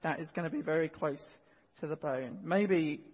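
Preacher, male, earnest, repeats key lines, slightly husky, long hall echo, muffled recording. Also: fairly high pitch, moderate pace, a little mellow. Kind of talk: sermon. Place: church hall. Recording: dull sound with long hall reverb.

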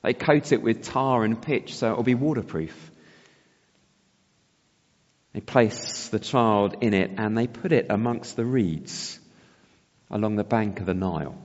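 A man's voice: lowish voice, unhurried, pauses often. A man delivers a thoughtful sermon, often asking his listeners rhetorical questions. His voice carries a long reverb, as if in a church hall, and the recording sounds slightly dull and muffled. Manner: reflective, asks rhetorical questions. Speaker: preacher.

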